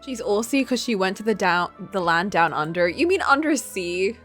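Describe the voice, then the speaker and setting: A woman's voice: medium pitch, animated, normal speed, fairly bright tone. A woman streaming a game, chatting casually and joking with frequent giggles. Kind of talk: casual live-stream commentary. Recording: game music behind.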